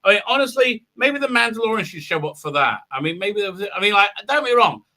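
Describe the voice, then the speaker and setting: A man with a high, very bright voice hosts a livestream. He recaps a show in a loose, rambling way, full of "uh, uh" fillers. He keeps breaking into mocking character voices. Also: big pitch swings, quick pace. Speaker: host of a fan commentary livestream. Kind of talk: casual recap with mocking impressions.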